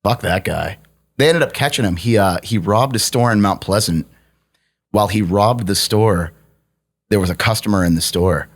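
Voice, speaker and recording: A man with a somewhat low voice tells a story with a laugh breaking through. He is a young adult chatting casually on a podcast. His talk is loose, profane and full of amusement. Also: moderate pace. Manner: profane, laughing anecdote telling. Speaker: podcast guest.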